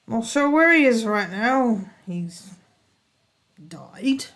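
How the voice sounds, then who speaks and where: A woman's voice: fairly high pitch, lively intonation, slow, a bit bright. A woman guest in a casual chat, talking hesitantly with many restarts. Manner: hesitant, lots of fillers and restarts, chatty.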